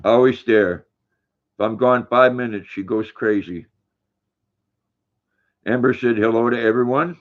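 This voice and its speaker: A man's voice: mid-range voice, fairly even intonation, a little slow, pauses often, phone-quality sound. An older man hosting a casual livestream, reading viewer comments aloud and talking fondly to his dog in a folksy way. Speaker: livestream host.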